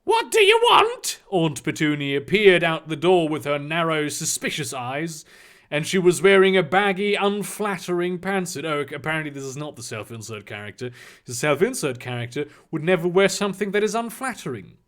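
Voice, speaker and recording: A man's voice: fairly high pitch, expressive, moderate pace. A man reading fan fiction aloud and mocking it with crude, sarcastic commentary and frequent swearing. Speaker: reader and commentator.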